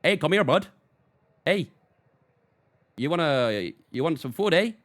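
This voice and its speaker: A man putting on a Canadian accent, playing a friendly man coaxing a dog with drawn-out, folksy calls. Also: a little high, big pitch swings, a bit bright. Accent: put-on Canadian.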